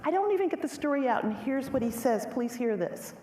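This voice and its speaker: A middle-aged woman giving a lecture, telling a personal story in an animated, emphatic way and speaking directly to the audience. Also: high voice, fairly quick, slight background noise. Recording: echoey hall with faint ambience.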